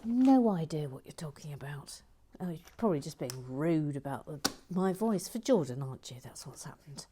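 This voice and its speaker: A woman hosting a relaxed building stream, chatting playfully, reading comments aloud and laughing. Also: sits low, moderate pace, hardly any pauses, a little hiss or hum. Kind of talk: casual chat while building.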